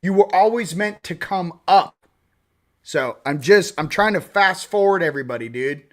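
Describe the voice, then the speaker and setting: Rambling fortysomething man, slightly high voice. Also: moderate pace. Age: 40s. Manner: rambling, animated, swearing, acts out quoted voices. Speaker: spiritual talk host. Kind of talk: casual spiritual talk with card reading.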